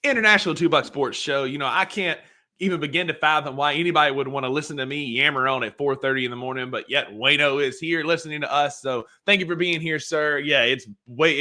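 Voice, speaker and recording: A man's voice: mid-range voice, sharp tone. A man co-hosting a sports show in an upbeat, chatty way. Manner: upbeat, chatty, explains at length. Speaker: podcast co-host. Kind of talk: casual sports talk.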